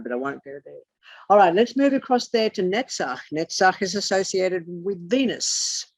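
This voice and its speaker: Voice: medium pitch, dry recording. A tarot teacher giving a rambling esoteric lecture, swearing casually and drifting into muttered asides. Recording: dull lo-fi dry recording.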